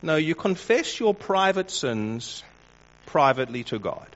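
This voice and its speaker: A man preaching a sermon in a measured way, with wry mock-dramatic asides. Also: fairly high pitch, very animated, a bit bright. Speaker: pastor. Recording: dull lo-fi recording.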